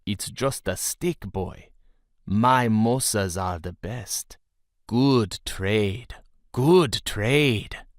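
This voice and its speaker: Man playing a pushy market vendor, thick accent, slow broken haggling phrases. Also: on the low side, lively intonation, clean tone, no echo, studio quality.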